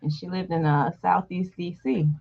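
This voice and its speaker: A woman's voice: lowish voice, steady tone, normal speed, creaky. A woman host casually telling a personal story to her viewers, candid and blunt, swearing freely. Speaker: channel host. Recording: dull lo-fi recording.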